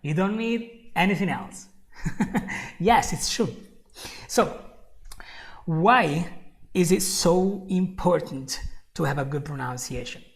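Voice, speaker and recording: Lady teaching english on a live stream, talks slow, repeats stuff, laughs a lot, says my friend. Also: fairly low pitch, vocal fry. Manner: repeats key phrases, chuckles often, calls the viewer "my friend". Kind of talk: live online English lesson.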